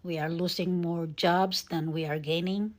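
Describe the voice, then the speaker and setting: Slow, low-voiced woman, emotional and halting. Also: fairly even intonation. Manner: earnest and emotional, halting with many fillers. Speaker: vlogger. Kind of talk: casual talk to camera.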